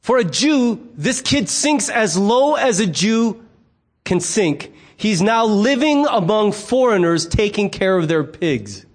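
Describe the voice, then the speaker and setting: A man's voice: sits high, takes it slowly. A middle-aged man, a pastor, preaching a sermon in a conversational, humorous way and acting out the voices in his stories. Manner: animated storyteller who acts out quoted voices.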